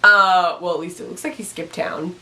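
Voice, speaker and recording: A woman chatting excitedly through a recap of a TV episode, rambling fan-style with lots of asides. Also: fairly low pitch, moderate pace, low-quality recording. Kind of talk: casual TV recap.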